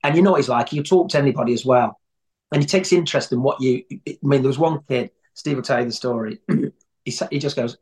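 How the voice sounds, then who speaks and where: A man's voice: medium pitch, fast, a little mellow. A man telling long anecdotes in a rambling, conversational way as an interview guest. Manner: rambling storyteller, many restarts.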